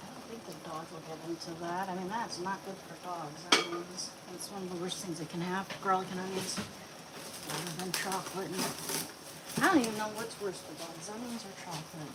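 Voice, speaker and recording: Chatty woman livestreaming over loud noise. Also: lowish voice. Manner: rambling and chatty, talks to her dogs. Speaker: livestream host. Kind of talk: casual livestream chat while cooking.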